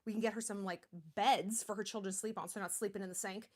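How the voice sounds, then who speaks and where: A woman's voice: medium pitch, fairly even intonation, fast. A woman in her thirties hosting a charity livestream, talking in a chatty, blunt way with lots of fillers. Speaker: livestream host. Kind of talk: casual livestream talk.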